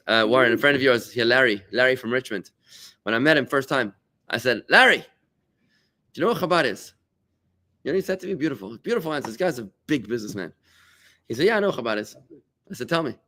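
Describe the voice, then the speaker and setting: A man, a rabbi, giving a lively talk to his congregation and trading remarks with them, with sudden exclamations. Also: quick pace. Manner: animated, with big pitch jumps and exclamations.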